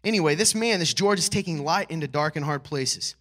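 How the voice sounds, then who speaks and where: Male pastor, sermon, high voice, bright tone, conversational, emphatic peaks. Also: animated, brisk. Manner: conversational, checks in with "right?" and "okay?"; builds to emphatic, louder peaks.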